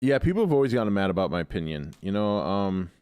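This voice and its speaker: A man with a low, sleepy-rough voice hosts a live stream from his desk mic, sounding like he has just woken up. He talks in loose, opinionated rambles, swears freely and answers his chat as he goes. The sound is dry and close. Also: sing-song, fast talker, a little mellow, no room sound. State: groggy just-woken morning voice. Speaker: livestream host.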